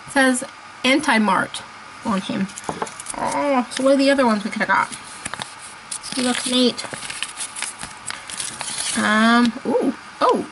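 A woman chatting casually as she unboxes toys, gushing and excitable, laughing often. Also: high voice, unhurried, pauses often, noisy background. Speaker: unboxing vlogger.

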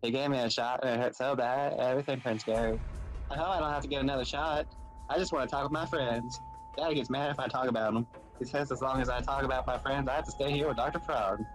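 A man's voice: medium pitch, fairly even intonation, fast talker, music in the background, natural voice. A man doing a sweet little girl with a Southern twang. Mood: earnest. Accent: attempted Southern US. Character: sweet young girl writing a diary.

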